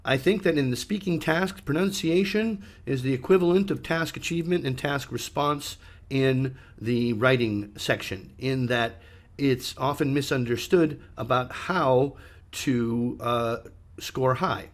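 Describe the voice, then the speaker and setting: A man's voice: medium pitch, unhurried. A man, an English teacher, giving conversational spoken feedback to a student, with many ums and uhs, and stressing words to show how it's done. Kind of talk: online speaking feedback lesson.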